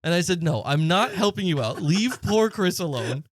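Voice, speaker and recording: Guy in his late 20s on a podcast, kinda high voice, dry close sound, acting out every quote. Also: moderate pace, no room sound. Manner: animated storyteller acting out quotes, swears freely. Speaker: podcast co-host. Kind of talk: casual storytelling chat.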